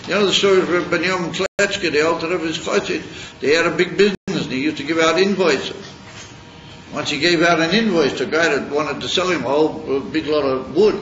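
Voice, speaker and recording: A man teaching Chassidus in an informal Torah lecture, halting and searching for words as he tells a story. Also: fairly high pitch, a bit bright. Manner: halting, searching for words, mixing Yiddish and Hebrew terms. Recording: roomy, dull, noisy recording.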